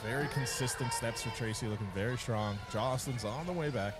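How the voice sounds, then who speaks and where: A man's voice: mid-range voice, brisk. A man from Canada giving live play-by-play commentary at a strongman competition, joking and upbeat in his calls. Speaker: sports commentator. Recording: loud music behind.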